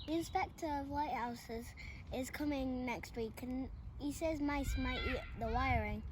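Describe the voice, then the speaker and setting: A woman's voice: high-pitched, a little slow. A woman voicing a jolly older male lighthouse keeper in a storybook, with a teasing, chuckling manner. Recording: loud background noise.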